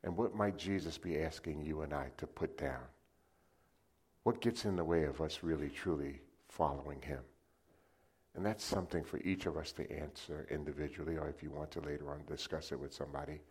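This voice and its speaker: Deep-voiced animated male preacher. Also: brisk, slightly rough. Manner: animated, acts out stories with sound effects. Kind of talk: sermon with storytelling.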